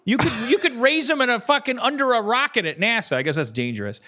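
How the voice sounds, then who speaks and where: A man riffing with sardonic, quick interjections as host of a live comedy podcast. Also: very high-pitched, lively intonation, bright, forceful tone. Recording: live audience crowd audible.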